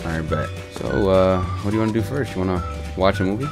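A man's voice: low-pitched, quick pace, gravelly, over music. A man chatting casually while playing a comic game role-play, rambling in slang with lots of fillers. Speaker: gaming content creator.

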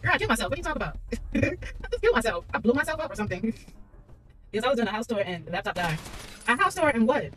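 A woman's voice: a little high, sing-song, rapid-fire, a bit bright, soft background music. A woman giving casual, chatty commentary while streaming a horror shooter, talking back to the game and her friends.

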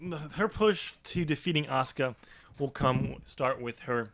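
A man's voice: mid-range voice, unhurried, no room sound. Easygoing man, dry close voice. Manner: relaxed, explains at length, laughs easily. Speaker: podcast co-host. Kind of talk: casual chat.

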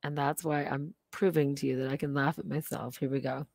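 A woman's voice: deep voice, fairly even intonation, a little fast, vocal fry, a little mellow, no room sound. A woman hosting a casual livestream, rambling and laughing at herself. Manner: rambling, self-mocking, laughs often. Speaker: livestream host.

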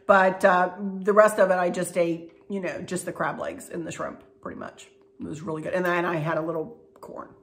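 A woman's voice: lowish voice, little pitch movement, fairly quick, creaky. A middle-aged woman, chatting to her viewers in a folksy way and laughing often. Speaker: craft and decor vlogger. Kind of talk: casual chat to viewers.

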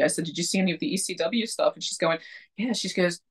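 A woman's voice: on the low side, quick pace, husky. A woman in her forties co-hosting a casual chat show, rambling and joking with frequent laughs. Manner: rambling, joking, self-deprecating, laughs often. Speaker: podcast co-host.

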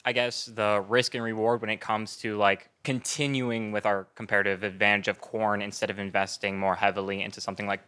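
A man's voice: lowish voice, bright, forceful tone, clear, resonant tone. A young man in the audience asking a panel a long question, tentative and hedging. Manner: tentative, hedging, chuckles nervously.

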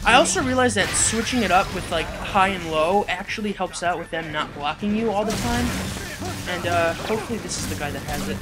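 A man giving casual let's play commentary, swearing and shouting at enemies as he plays. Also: high-pitched. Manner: swears and yells at enemies, loud angry outbursts. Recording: game music behind the voice. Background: video game music.

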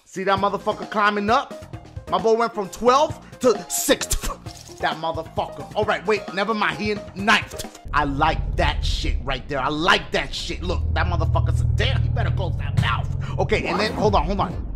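A man giving profane game commentary, loud and excitable, swinging between shouts and low mutters. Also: normal speed. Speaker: gaming YouTuber. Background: game music.

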